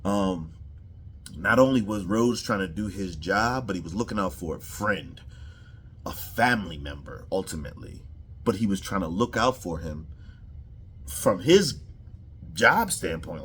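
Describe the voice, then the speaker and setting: A man giving a casual, animated, profane reaction to a show episode and often repeating himself. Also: low-pitched, unhurried, pauses often, a little hiss or hum. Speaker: show reviewer.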